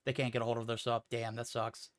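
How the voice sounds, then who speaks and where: A man casting esports, animated and joking, with big swings in loudness. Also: mid-range voice, fast talker, no echo. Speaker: esports caster. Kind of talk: esports commentary. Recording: music playing behind the voice.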